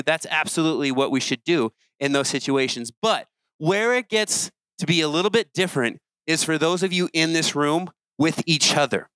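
Youth pastor, male, higher register, earnest conversational preaching, dry close sound. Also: normal speed, fairly bright tone, smooth, no echo, low-quality recording. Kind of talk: sermon.

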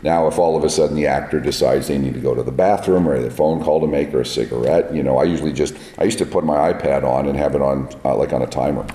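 Quick and with hardly any pauses, this deep-voiced film makeup artist talks bluntly and plainly in a casual interview, his dark, raspy tone the result of on-set smoke. He shares set stories from a roomy, echoey hall at a trade event.

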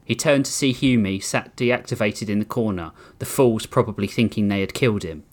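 A man hosting a podcast, reading a story aloud to his co-hosts in an animated way. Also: lowish voice, normal speed. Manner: animated, laughs mid-read. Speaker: podcast host and story reader.

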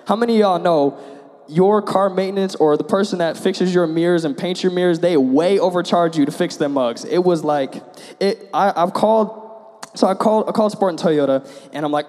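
A man's voice: high voice, lively intonation, moderate pace, a little mellow. A young man giving a casual sermon, telling personal stories in a conversational, self-deprecating way. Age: young adult. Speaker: preacher. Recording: long hall reverb.

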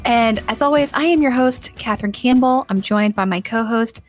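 A woman's voice: a little high, normal speed, faint music behind. A woman hosting a marketing podcast in a chatty, upbeat way, laughing often. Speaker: podcast host. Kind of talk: casual podcast chat.

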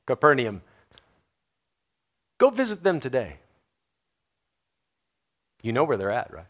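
A man preaching a sermon in a Texan American accent, moving from quiet, low passages to loud, animated ones. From Texas. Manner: animated, swings from quiet to loud and laughs often.

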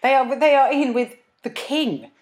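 A woman co-host talks through a TV series in a loose, joking chat. Her fairly high voice swoops up and down in a lively way, and she keeps slipping into mock voices for the characters. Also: unhurried. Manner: animated, jokey, mimics people in silly voices. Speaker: podcast co-host. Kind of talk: casual chat reviewing a TV series.

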